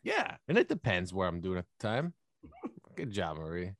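Podcast co-host, man, animated joker, bouncy pitch, dry close mic. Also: moderate pace, no room sound. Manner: animated, joking, exclaims "whoa". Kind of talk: casual banter.

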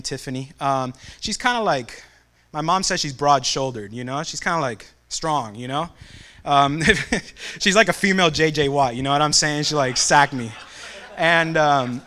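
A young man with a bright, forceful voice gives a devotional talk. He tells a childhood story with animated energy and acts out the family voices. His voice sits a bit higher than most men's.

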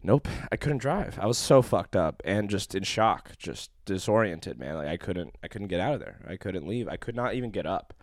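A man's voice: low-pitched, expressive, normal speed, few pauses, no room sound, clean studio sound. A young man telling a long personal story in casual chat, profane and rambling, full of fillers.

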